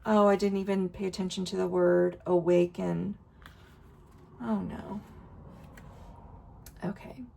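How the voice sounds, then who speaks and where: A woman reading oracle cards aloud in a casual vlog, slow and emotional, sighing and interrupting herself. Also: on the low side, flat delivery, vocal fry, warm tone. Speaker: oracle card reader. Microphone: wireless earbuds.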